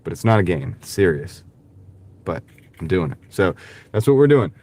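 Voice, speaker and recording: His voice is low-pitched and darkish, with big swings in pitch, at a normal speed and with no room sound. He's a Southern man with a light accent who drives deliveries and livestreams from his car, rambling and replying to viewer comments via a wireless clip-on mic.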